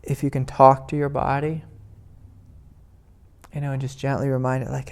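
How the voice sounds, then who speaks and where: A man, a spiritual teacher, giving a gentle, rambling talk at a meditation retreat, full of "you know" fillers. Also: mid-range voice, level tone, normal speed, pauses often. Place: indoor retreat meeting room.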